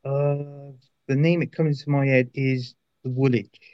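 A man's voice: medium pitch, fairly even intonation, no echo. A man from Bristol with a West Country accent, speaking hesitantly as a quiz contestant. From Bristol, England. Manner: hesitant, slow, stumbling. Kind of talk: casual chat. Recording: dull lo-fi sound.

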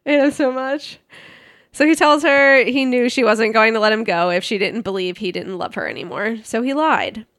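Young woman co-host, sarcastic and giggly, slightly high voice, dry close sound. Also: moderate pace, fairly bright tone, dry recording. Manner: laughs often, sarcastic. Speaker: podcast co-host. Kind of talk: casual chat, reading book quotes.

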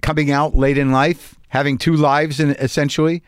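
A man's voice: on the high side, flat delivery, moderate pace, clear, resonant tone, no echo, studio quality. A man in his fifties, hosting a podcast, rambling through a casual, profane, self-deprecating monologue. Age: 50s. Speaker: podcast host.

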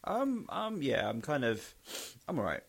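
A man's voice: medium pitch, huge pitch swings, measured pace, vocal fry, breathy edge. A man co-hosting a podcast in sweary, rambling casual chat. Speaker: podcast co-host.

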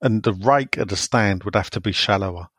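A man co-hosting a casual podcast, reading out listener messages and chatting with quick asides. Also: fairly low pitch, a bit bright, husky, no room sound, clean studio sound. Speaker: podcast co-host.

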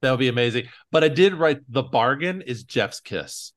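A man's voice: medium pitch, normal speed. A man co-hosting a podcast, chatting casually and playfully about films, often acting out characters' lines. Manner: animated, playful, acts out movie lines in character voices. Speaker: podcast co-host. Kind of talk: casual chat.

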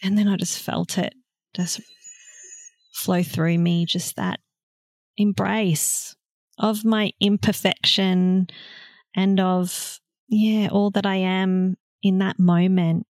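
A woman guest on a podcast, speaking in a soft, slow, heartfelt way with long pauses. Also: medium pitch, flat delivery, no echo, clean studio sound. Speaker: guest, motherhood facilitator. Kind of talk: slow reflective conversation.

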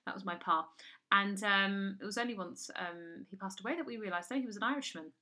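Woman, comic co-host, rambling deadpan storyteller, bright tone. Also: medium pitch, fairly quick. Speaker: comedy podcast co-host. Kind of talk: improvised comic chat. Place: house in London.

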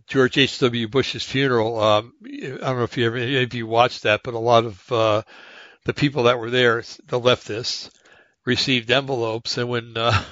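A man's voice: medium pitch, fairly bright tone, no echo. Rambling man on a dull dry mic. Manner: rambling, many fillers and restarts. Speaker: podcast host. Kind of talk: casual monologue reading articles aloud.

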